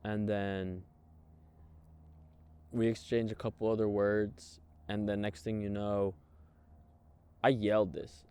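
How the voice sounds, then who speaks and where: A man, a guest in an interview, telling his own story in a raw, emotional way, swearing freely and halting often. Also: fairly low pitch, little pitch movement, dark tone, clean tone. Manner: halting, many fillers and restarts. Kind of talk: candid personal storytelling.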